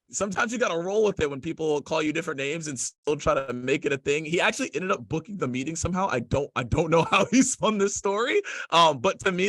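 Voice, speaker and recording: A man's voice: fairly high pitch, a bit bright, no echo, studio quality. A male guest and company founder, telling a story energetically, laughing often and acting out voices. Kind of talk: animated storytelling.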